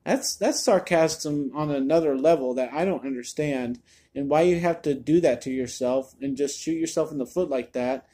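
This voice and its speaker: A man's voice: on the high side, moderate pace, warm tone. A man giving a casual spoken movie review, chatty and exasperated, often repeating words as he restarts a thought.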